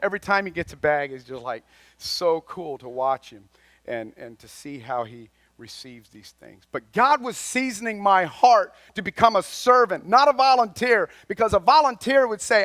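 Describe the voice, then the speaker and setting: A man preaching a folksy, conversational sermon, swinging between loud and quiet. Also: high-pitched, animated, moderate pace, no room sound, clean studio sound. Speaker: lay speaker at a chapel.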